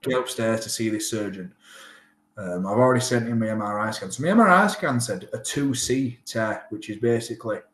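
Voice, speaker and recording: A man from England with a Yorkshire accent, in his thirties and a rugby player, shares his story in a casual interview. His voice sits on the low side and he talks fairly fast, animatedly acting out what people told him, with roomy echo on the recording.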